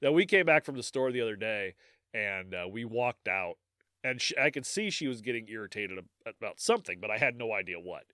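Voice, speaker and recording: A man's voice: lowish voice, lively intonation, fairly quick, pushed and bright, dry recording, clean studio sound. A man with a Midwestern accent co-hosting a podcast, chatting casually and chuckling often as he tells stories. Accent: Midwestern American. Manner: chuckles often, easygoing storytelling. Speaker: podcast co-host. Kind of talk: casual chat.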